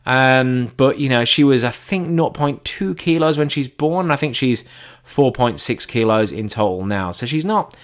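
A man's voice: mid-range voice, expressive, moderate pace. Dry English man telling stories. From England. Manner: dry, self-mocking, swears casually. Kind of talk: comic storytelling.

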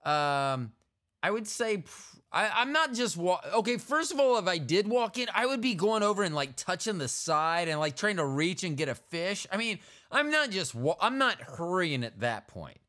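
A man's voice: high-pitched, sing-song, moderate pace, bright, forceful tone. A middle-aged man hosting a podcast, rambling and joking in casual chat. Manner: rambling, jokey, playful. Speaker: podcast host.

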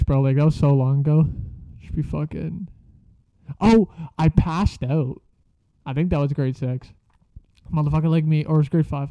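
A man's voice: on the high side, no echo. A young man casually telling a story from school, slangy and profane, laughing as he goes. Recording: dull lo-fi sound.

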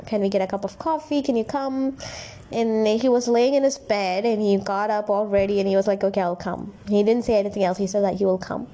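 A woman's voice: medium pitch, fairly quick, warm tone. A young woman vlogger telling a personal story to her viewers in a candid, rambling, emotional way. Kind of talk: casual storytime vlog.

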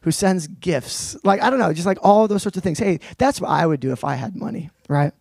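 A male preacher teaching through a Bible passage in a relaxed, conversational sermon, explaining with slangy asides. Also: high-pitched, fairly quick, gravelly, slightly rough, no echo.

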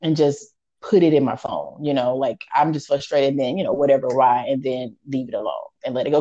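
A woman's voice: rumbling low, a little fast, warm tone, no echo, lo-fi sound. A woman co-hosting a podcast who talks candidly and reflects on herself in casual chat. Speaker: podcast co-host.

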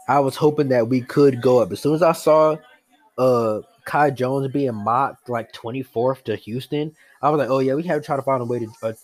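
Brief: young man, sports-fan reaction vlog, excitable, repetitive, breathless with joy, mid-range voice. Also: medium pitch.

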